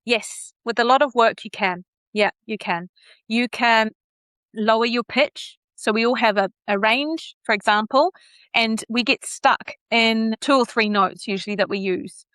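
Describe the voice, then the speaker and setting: A woman with a New Zealand accent talks as a communications coach on a podcast. Her voice sits a little high and rings bright and forceful, and she animates it by playing with pitch and speed. The close mic keeps the sound dry. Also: a little slow, dry recording. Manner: animated, plays with pitch and pace to demonstrate. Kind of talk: podcast interview.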